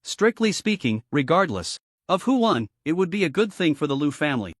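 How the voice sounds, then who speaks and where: Animated male story narrator, dry sound. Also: a little high, a little fast, no echo.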